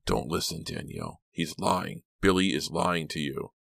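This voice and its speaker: A man voicing a tense young man in a storybook, speaking low with tight urgency. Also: fairly even intonation, moderate pace, gravelly, fairly bright tone, no room sound, studio quality, heavily acted. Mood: urgent.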